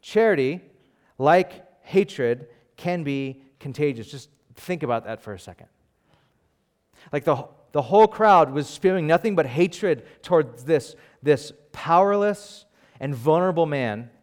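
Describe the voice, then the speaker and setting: Guy pastor giving a sermon, chatty, animated, acts out bits of the story. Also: on the high side, a little slow. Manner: animated, acts out crowd voices, conversational with fillers.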